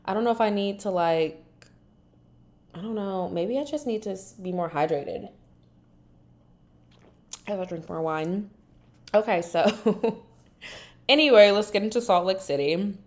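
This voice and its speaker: A woman's voice: mid-range voice, measured pace, long pauses. A woman hosting a podcast on her own, chatting casually and sassily, acting out other people's lines in exaggerated voices. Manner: animated, sassy, acts out quotes in exaggerated voices. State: dry mouth. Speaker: podcast host. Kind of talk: casual solo recap chat.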